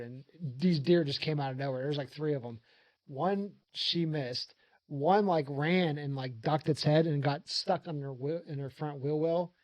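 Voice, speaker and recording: A man's voice: a little high, no echo, highs cut off. A man telling a rambling, casual story on a podcast, swearing freely and laughing often. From rural area. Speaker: podcast host.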